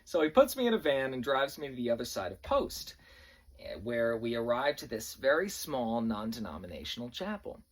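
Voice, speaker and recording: A young man from New York, an army veteran, telling wry stories about basic training in a casual, animated way. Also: mid-range voice. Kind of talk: casual spoken storytelling.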